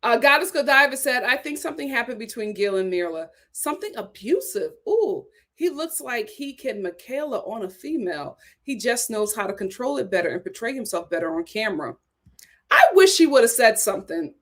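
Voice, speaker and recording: Animated woman reacting to live chat. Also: a little high, fairly quick. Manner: animated, reads viewer comments aloud and reacts emphatically. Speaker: host reading live chat comments. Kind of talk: casual live-stream commentary.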